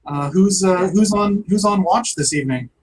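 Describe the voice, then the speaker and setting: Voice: medium pitch, moderate pace, low-quality recording. A player in a tabletop role-playing game, talking casually with hesitant, stammering restarts.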